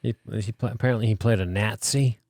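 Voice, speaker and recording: A man's voice: lowish voice, steady tone, fast talker, a little mellow, no echo, clean studio sound. A man co-hosting a podcast, chatting casually and joking sarcastically. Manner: joking, sarcastic, swears freely. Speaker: podcast co-host. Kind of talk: casual chat.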